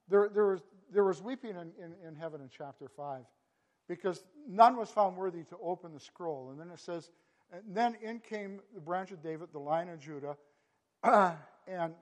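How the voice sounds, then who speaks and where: High-voiced man preaching in a reverberant hall. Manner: impassioned, builds to emphatic peaks with frequent word repeats. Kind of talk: sermon.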